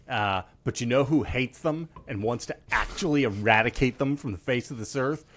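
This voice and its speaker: A man's voice: medium pitch, normal speed, few pauses, fairly bright tone, a little hiss or hum. Upbeat wisecracking male podcast host. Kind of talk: casual political chat.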